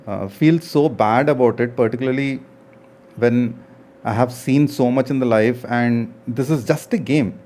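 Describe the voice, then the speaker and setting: A man in his forties, a gaming streamer, talking earnestly and reflectively to his viewers, often pausing with hesitations. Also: medium pitch, dark tone. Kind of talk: casual talk to viewers.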